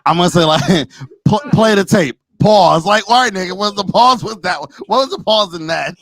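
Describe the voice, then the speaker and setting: Animated man. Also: sits high, moderate pace, vocal fry. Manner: animated, rises to shouting when teased. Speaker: podcast co-host; teacher. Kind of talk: casual banter.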